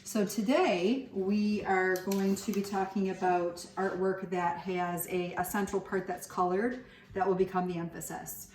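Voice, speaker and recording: Relaxed teacher woman, roomy and distant. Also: mid-range voice, a little slow. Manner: relaxed, frequent ums and uhs, explains step by step. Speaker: art teacher. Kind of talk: recorded remote art lesson with demonstration. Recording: roomy echo, voice set back from the mic.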